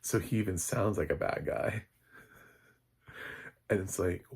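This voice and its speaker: A man's voice: deep voice, measured pace, creaky, breathy edge. A man, a film critic, giving a casual spoken recap of a TV episode in a rambling, chatty way with many fillers and chuckles.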